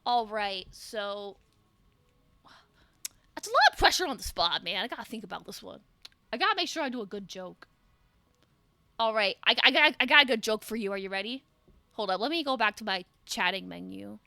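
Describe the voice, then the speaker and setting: A woman's voice: mid-range voice, expressive, moderate pace, vocal fry, pauses often, pushed and bright, no room sound. A young adult woman VTuber streaming with the flu, chatting casually with her viewers, joking and swearing with lots of "like". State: sick with the flu. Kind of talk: casual live-stream chat.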